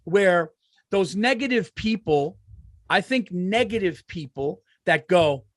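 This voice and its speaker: A male podcast host in casual chat, telling animated stories and swearing freely. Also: high voice, slow pace, dry recording, clean studio sound.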